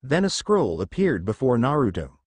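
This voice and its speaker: A man narrating a fan fiction story in a brisk, matter-of-fact way. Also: mid-range voice, sing-song, slightly rough, no room sound.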